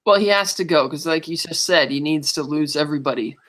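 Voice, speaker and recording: A man's voice: on the high side, a little fast, a bit bright. A man co-hosting a podcast in casual chat, retelling movie scenes and quoting the characters' lines along the way. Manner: frequent restarts and laughs while recapping. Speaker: podcast co-host.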